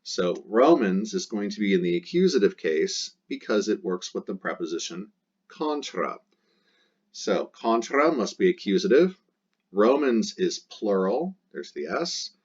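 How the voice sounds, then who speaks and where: A man with a fairly low voice teaches a recorded Latin lesson, relaxed and a little jokey. He slows down and stretches out each Latin word as he goes through the exercises. The recording sounds dull and lo-fi. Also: breathy edge. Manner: casual and jokey, drawls out Latin words slowly.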